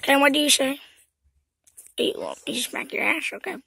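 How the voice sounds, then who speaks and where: Rambling female vlogger, very high-pitched, slips into whispers. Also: huge pitch swings, normal speed, vocal fry, pauses often, pushed and bright, dry recording, poor audio. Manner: rambling, often drops to a whisper. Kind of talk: casual rambling chat to camera.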